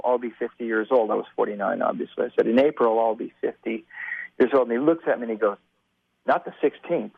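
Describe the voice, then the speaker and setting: A man in his fifties, a musician guest telling stories over the phone, animated and acting out the voices of the people he quotes. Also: mid-range voice, vocal fry, no room sound. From United States. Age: 50s. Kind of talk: casual storytelling on a phone interview. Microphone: telephone. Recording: tinny phone line.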